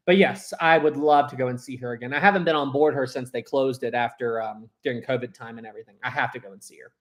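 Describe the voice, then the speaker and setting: A young man hosting a casual live stream, rambling and animated, often restarting his sentences and reading viewer chats aloud. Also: mid-range voice, fast talker.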